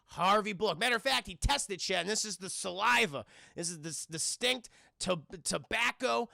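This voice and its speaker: A man's voice: sits high, normal speed, vocal fry, no echo, clean studio sound. A young man who reviews cartoons, recapping an episode to a live chat in a loose, profane way and constantly calling out to the chat. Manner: animated, swears a lot, keeps addressing the chat.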